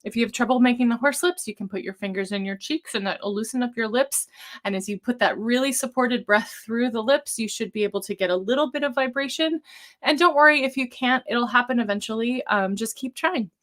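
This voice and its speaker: A woman leading a live-streamed vocal warm-up as a voice coach, talking gently and encouragingly in a casual way, with some ums. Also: on the high side, fairly quick.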